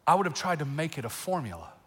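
A man preaching a sermon as pastor, emotional and animated, with bursts of laughter and raised emphasis. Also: a little high, quick pace. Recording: long reverb in a large hall.

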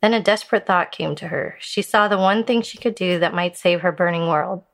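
Woman telling a fable, measured. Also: lowish voice, gravelly. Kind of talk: storytelling a Buddhist fable.

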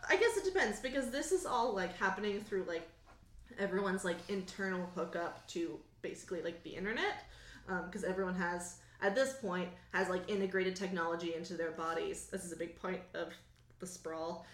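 A woman's voice: on the low side, moderate pace. A woman narrating a tabletop role-playing game as game master, casual and laughing, full of "like" and "um". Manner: casual, laughs often, lots of fillers. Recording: echoey garage.

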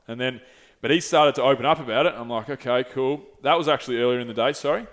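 A man's voice: medium pitch, fast. A young man, hosting a casual chat and telling a story candidly, with frequent swearing and restarts. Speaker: podcast host.

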